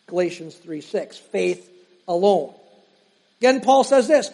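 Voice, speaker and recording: A male pastor with a very high voice preaches a sermon. He leans on slow, emphatic pauses, then rushes through quick asides. The sound rings with the long reverb of a large hall. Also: expressive, warm tone.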